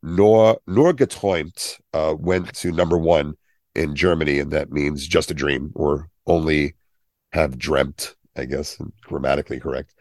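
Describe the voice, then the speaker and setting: Deep-voiced chatty man in his fifties. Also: steady tone, measured pace, a little mellow, no room sound, studio quality. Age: 50s. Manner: chatty, jokey, tangents. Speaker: podcast co-host. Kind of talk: casual chat.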